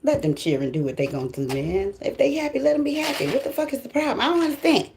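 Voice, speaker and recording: A woman's voice: a little high, big pitch swings, quick pace, noisy background. A woman who hosts a tarot channel, talking to viewers in a blunt, profane casual monologue and laughing often. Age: adult with grown children. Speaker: tarot reader and channel host.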